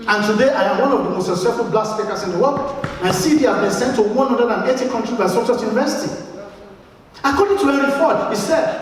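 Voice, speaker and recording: Brief: Nigerian-accented male motivational speaker, lively and repetitive, echoey hall with long reverb. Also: extremely high pitch, a little fast, recorded from a distance, a little hiss or hum. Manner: emphatic, repeats words, asks the audience questions. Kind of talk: motivational speech to a live audience. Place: large event hall.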